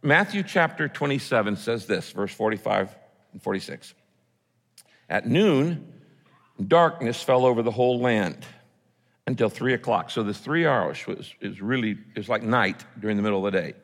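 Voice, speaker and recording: A man's voice: fairly low pitch, expressive, normal speed. Man preaching in a reverberant hall. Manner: earnest preaching, rising to loud cries, dropping to hushed quotes. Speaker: pastor. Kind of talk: sermon. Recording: long reverb of a large hall.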